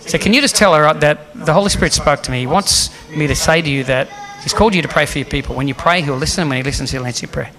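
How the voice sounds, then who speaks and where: Bright-voiced, animated male preacher. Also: on the high side, fast talker, hardly any pauses, faint music behind. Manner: animated storytelling that acts out the quotes. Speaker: guest preacher. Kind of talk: sermon.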